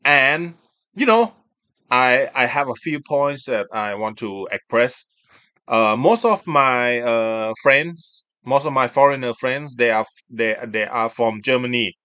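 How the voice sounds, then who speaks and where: A man, an English speaker, hosting a casual chat and talking in halting, self-correcting phrases. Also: medium pitch, expressive, sharp tone, clear, resonant tone, dry recording. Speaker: video host.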